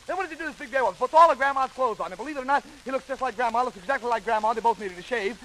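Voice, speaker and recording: A man telling a fairy tale as rapid-fire comedy, full of wisecracks and rhetorical questions. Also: very high voice, sharp tone, rough recording. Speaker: comic storyteller.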